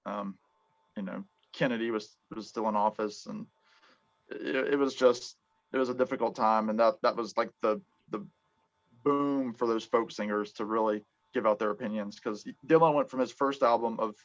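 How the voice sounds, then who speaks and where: A man hosting a casual music chat, talking in halting bursts full of ums and restarts. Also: fairly low pitch. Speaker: podcast host. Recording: dull lo-fi sound.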